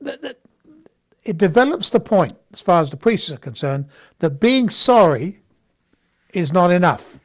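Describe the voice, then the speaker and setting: A man's voice: high-pitched, sing-song, measured pace, pauses often. A man giving an informal Bible lecture, talking conversationally with frequent restarts and checks of "okay?". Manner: conversational, repeats words and restarts, asks "okay?". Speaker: Bible study teacher.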